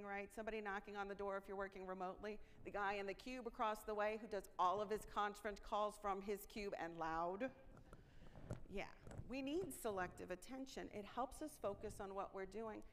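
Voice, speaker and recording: A woman's voice: mid-range voice, long reverb tail. A woman giving a conference presentation to a live audience, engaging the room with rhetorical questions and light jokes. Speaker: conference speaker.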